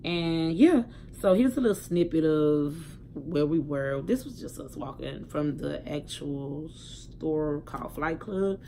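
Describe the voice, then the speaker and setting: Chatty young woman vlogging, low voice. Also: slow pace, gravelly, few pauses, mellow, a little hiss or hum. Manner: chatty and candid, talks straight to viewers. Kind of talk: casual storytelling vlog.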